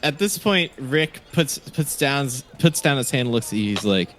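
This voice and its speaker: Halting man narrating a tabletop game. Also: mid-range voice, lively intonation, fairly bright tone, slight background noise. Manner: halting, restarts phrases while narrating. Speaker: game master.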